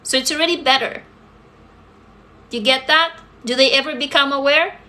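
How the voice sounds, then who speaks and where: High, bright-voiced blunt woman. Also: normal speed. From Russia. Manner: blunt, profane, emphatic. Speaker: livestream host answering viewers. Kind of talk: casual livestream chat.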